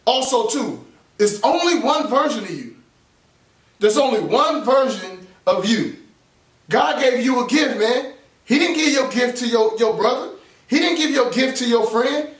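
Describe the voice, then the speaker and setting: A man's voice: extremely high pitch, recorded from a distance. A man gives an emphatic motivational talk, repeating his points like a preacher. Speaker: motivational speaker. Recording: echoey room, voice off-mic.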